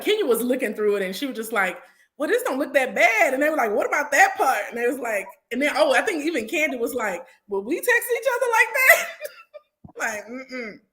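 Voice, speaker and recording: A woman co-hosting a casual reality-TV recap chat, playful and chiming in with quick agreement. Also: a little high, fairly bright tone. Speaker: podcast co-host.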